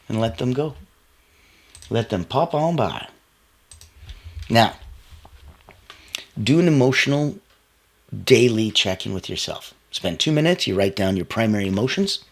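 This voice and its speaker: A man giving a motivational talk, coaching listeners directly in an emphatic, animated way. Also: mid-range voice. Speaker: motivational speaker.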